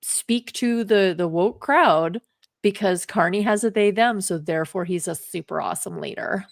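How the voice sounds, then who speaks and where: A woman's voice: medium pitch, normal speed, creaky, dry recording, studio quality. A woman co-hosting a podcast, chatty and hedging with giggles. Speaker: podcast co-host. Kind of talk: casual chat.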